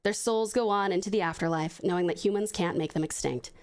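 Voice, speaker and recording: A woman from Australia with an Australian accent, an expressive streamer reading viewer stories aloud and chatting effusively. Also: lowish voice, brisk. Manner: expressive, warmly effusive to chat. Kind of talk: dramatic storytelling reading.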